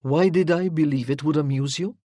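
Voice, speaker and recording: A suave nobleman with a mocking charm, as an audiobook reader puts him on, a worldly rake who plays his words slowly and teasingly. The voice sits in a middle register and sounds dry and close. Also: medium pitch, warm tone, no room sound, close to an everyday voice. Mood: seductive. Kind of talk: audiobook character reading.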